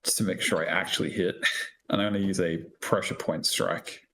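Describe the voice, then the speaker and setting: Deep gravelly man at a tabletop game. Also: brisk, slight background noise. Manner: relaxed, chuckling. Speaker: player. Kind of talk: casual tabletop game chat.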